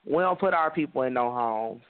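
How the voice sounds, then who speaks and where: A man's voice: medium pitch, lively intonation, smooth, dry recording. A man co-hosting a casual comedy chat, teasing with crude jokes. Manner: crude joking, quick teasing comebacks. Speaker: co-host. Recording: phone-like radio sound with crowd behind.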